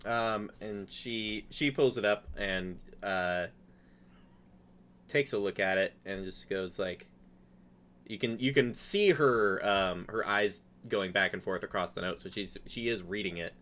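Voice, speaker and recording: A man's voice: lowish voice, a little slow, fairly bright tone. A man narrating as game master of a tabletop game, rambling with many fillers. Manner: rambling, filler-heavy, laughing often.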